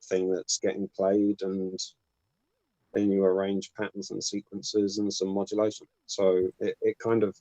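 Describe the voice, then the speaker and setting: A man hosting an online call, talking in a relaxed, thoughtful way with some hesitation. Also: deep voice, measured pace, dry recording, lo-fi sound. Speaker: host of a modular synth stream. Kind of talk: casual technical chat.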